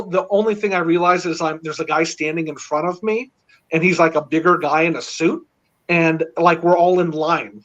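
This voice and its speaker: A middle-aged man telling a long story in casual chat, rambling and excited, with many fillers. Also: a little high. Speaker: panel guest. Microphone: video call. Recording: dull lo-fi online call audio.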